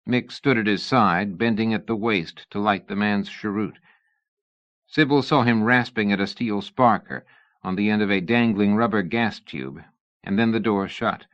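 A man narrating a novel in a measured storytelling manner. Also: lowish voice, fairly bright tone, dull audio. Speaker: audiobook narrator. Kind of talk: scripted narration.

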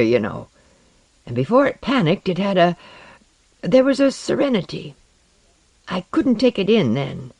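A narrator voicing Osden, a bitter and mocking male empath, in a lively, raised voice in a science-fiction audiobook. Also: high-pitched, creaky, no echo, voice pushed up, exaggerated voice.

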